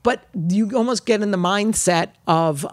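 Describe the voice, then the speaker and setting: A woman comedian as a podcast guest, chatting in a brash, expressive way, laughing often and swearing. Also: mid-range voice, normal speed, no echo, clean studio sound. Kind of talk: casual chat.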